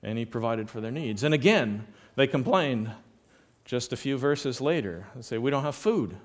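A man's voice: mid-range voice, moderate pace. A man preaching a sermon, reading scripture passages aloud and explaining them, rising in volume for emphasis.

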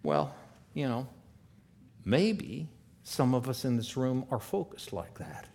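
A man with a voice of middle pitch preaches a sermon to a congregation in a church room. He swings between loud, emphatic passages and quiet asides, and reads scripture slowly and deliberately. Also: sing-song. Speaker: pastor.

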